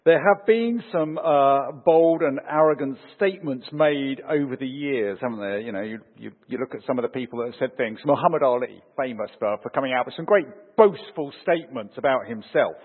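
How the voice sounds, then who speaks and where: A man preaching a sermon, animated, lifting his voice for emphasis and dropping it low to end his points. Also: fairly quick, hardly any pauses. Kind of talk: sermon with opening prayer. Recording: phone-like sound with long hall reverb.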